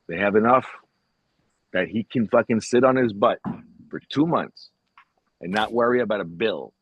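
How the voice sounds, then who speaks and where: Casual podcast co-host, man, very low husky voice, rambling, dull dry sound. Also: no echo. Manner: rambling, retells conversations, swears casually. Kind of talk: casual chat.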